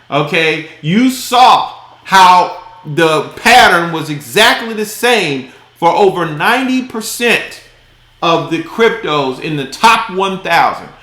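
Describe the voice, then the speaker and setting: A man's voice: a little high, bright, forceful tone, reverberant. A man hosting a crypto channel, talking casually, with emphatic, exasperated and folksy commentary and a bit of cussing.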